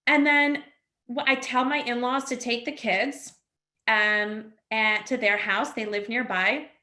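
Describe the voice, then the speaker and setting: A woman in her thirties recounts her story on a video call, with lots of "like" and "next thing you know." Her voice is bright and forceful. The room around her sounds echoey. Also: on the high side, fairly even intonation, slow. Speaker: house fire survivor, webinar guest. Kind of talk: personal storytelling on a webinar.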